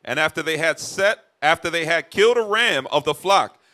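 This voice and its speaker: A man reading old scripture verses aloud at a steady, plain pace. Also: fairly high pitch, moderate pace. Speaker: scripture reader.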